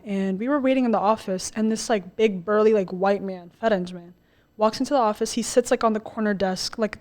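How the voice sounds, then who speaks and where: Young woman co-host, casual storyteller, average pitch, heavy filler words. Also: darkish tone. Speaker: podcast co-host. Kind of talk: casual podcast chat.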